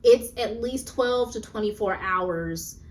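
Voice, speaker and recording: A woman's voice: fairly high pitch, takes it slowly. Chill woman podcaster talking through a movie, a bit far from the mic, faint hiss. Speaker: podcast co-host. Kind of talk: casual movie recap chat.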